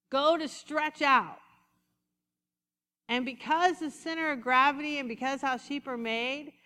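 Woman, preacher, high voice, bright tone, animated conversational sermon, long hall reverb. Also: clean tone.

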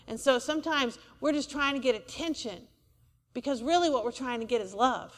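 Speaking briskly in a high voice, a woman preaches a sermon inside a church, using call-and-response and calling on the congregation for amens. The sound carries a long reverb tail.

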